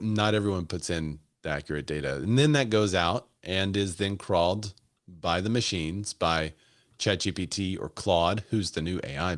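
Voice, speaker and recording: A man hosting a real estate podcast in casual, chatty panel talk, often laughing. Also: deep voice. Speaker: podcast host.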